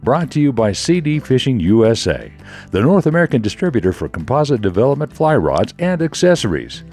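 A man reading the scripted introduction to a podcast in a measured, evocative delivery. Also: mid-range voice, big pitch swings, a little mellow, soft background music. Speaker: show intro narrator. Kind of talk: scripted narration.

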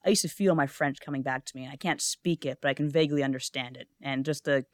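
A woman's voice: a bass voice, steady tone, fast talker, dry recording. A woman guest on a podcast in casual chat, eager and talkative, telling long anecdotes with stumbles and restarts. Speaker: guest, freelance writer.

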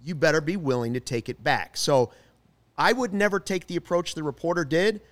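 Opinionated sports podcast guy, kinda high voice, really leans into his points. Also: fairly quick. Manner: opinionated, emphatic. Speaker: podcast co-host. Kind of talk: casual sports talk.

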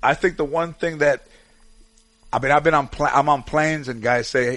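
A man's voice: medium pitch, fairly even intonation, fairly quick, a bit bright. A man chatting as a guest, telling rambling golf anecdotes with many restarts and fillers. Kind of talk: casual storytelling chat.

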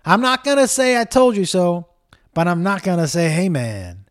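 A middle-aged man hosting a casual comedy podcast, telling stories in an animated way, acting out the people he quotes, swearing often. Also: high-pitched, normal speed, clear, resonant tone. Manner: animated storytelling, acts out quotes, swears, talks to his dog.

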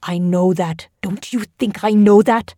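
A woman reading the lines of a tense, quick-tempered male school official in an audio drama, speaking clipped and defensive. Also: high-pitched, steady tone, dark tone, no echo, clean studio sound. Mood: irritated.

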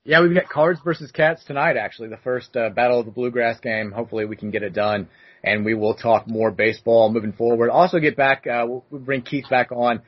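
A man's voice: medium pitch, fairly even intonation, brisk, dry recording, dull audio. A man in his thirties hosting a podcast, telling rambling stories in a loose, casual way. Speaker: podcast host. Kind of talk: casual chat.

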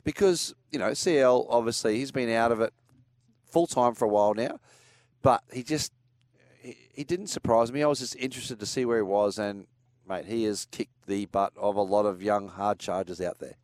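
An older Australian man chatting casually on a motorsport show, telling stories in a lively way and acting out what others said. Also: on the low side, normal speed, no echo. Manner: animated storyteller, acts out quotes with laughs. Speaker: co-host, former racing driver. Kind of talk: casual chat.

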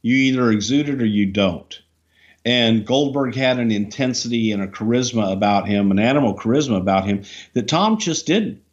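An older man speaks bluntly and dryly, with a teasing edge, in a relaxed podcast chat. His voice comes through a dull, slightly lo-fi line and sits at an ordinary pitch. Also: moderate pace. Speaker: co-host, wrestling veteran.

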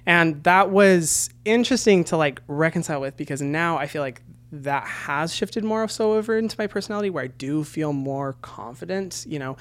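A man's voice: on the high side, normal speed, hardly any pauses, a bit bright. A man in his twenties hosting a podcast, chatting earnestly and openly with his guest, with lots of "you know" and "like.". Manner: earnest, chatty, frequent fillers. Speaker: podcast host. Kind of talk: casual interview chat.

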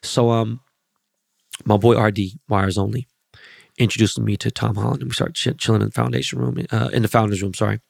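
A man's voice: lowish voice, fairly even intonation, a little fast, creaky, husky, no echo, clean studio sound. A man hosting a podcast, telling rambling, profanity-laced stories in a loose, casual monologue. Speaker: podcast host.

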